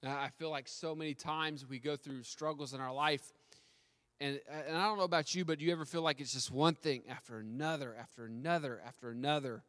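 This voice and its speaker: Telling a story during a sermon, a preacher asks his audience direct questions and stammers on restarts. He speaks fairly quickly in a somewhat high, fairly bright voice with fairly even intonation, and the recording carries a long hall reverb.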